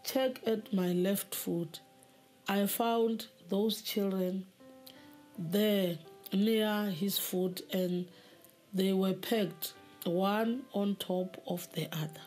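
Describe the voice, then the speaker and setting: A woman telling her personal testimony in a halting way, often repeating words as she goes. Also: medium pitch, steady tone, a little mellow. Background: faint music.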